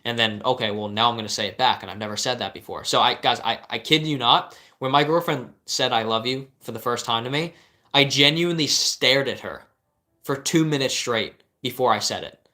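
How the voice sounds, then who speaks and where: An earnest young life coach rambles through advice for live viewer questions on a casual stream, full of restarts and fillers. His mid-range voice is a little fast, pushed and bright.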